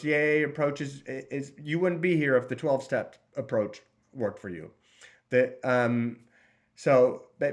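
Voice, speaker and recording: A man in his forties, talking straight to camera as a recovery coach, blunt and profane, with many restarts. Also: fairly high pitch. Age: 40s. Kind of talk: casual direct-to-camera talk.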